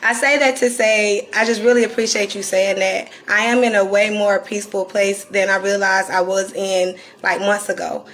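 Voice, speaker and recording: A woman from North Carolina with a Southern accent and a raspy, croaky voice, talking candidly and deliberately to viewers on a live stream. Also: medium pitch, steady tone, a bit bright, slight background noise. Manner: reflective and candid, slowed deliberate delivery. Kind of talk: casual live-stream talk.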